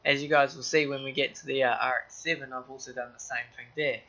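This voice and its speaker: A man's voice: medium pitch, flat delivery, fast, pushed and bright, muffled recording. A man hosting a casual game walkthrough, rambling loosely in car-enthusiast slang. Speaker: gaming channel host.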